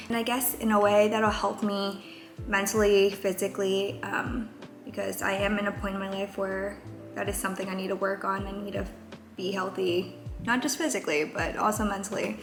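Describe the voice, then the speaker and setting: A young woman in her twenties talks in a candid, rambling way, filling her pauses with plenty of ums. Her voice sits at an ordinary middle pitch. The room echoes around her, with faint music underneath. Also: flat delivery. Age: 20s. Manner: candid, rambling, many fillers. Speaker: vlogger. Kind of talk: casual confessional vlog. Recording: roomy echo, faint music.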